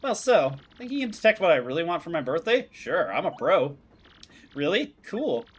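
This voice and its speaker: A man's voice: fairly high pitch, big pitch swings, normal speed, breathy edge. A man voicing a spoiled, bargaining rich little boy in a video game. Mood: pert.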